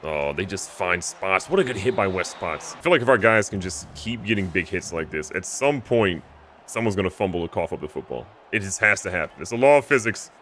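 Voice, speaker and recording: A man commentating his own video game playthrough, jokey and excitable, switching between loud outbursts and low mutters. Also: brisk, a little hiss or hum. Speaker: gaming YouTuber.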